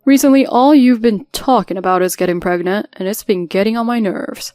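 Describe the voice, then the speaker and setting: A blunt, dismissive husband speaks in a plain, mid-pitched voice, as a woman reader puts him on. He is cold and callous, heard close and dry over faint music. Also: fairly quick, a little mellow, no room sound, lightly acted.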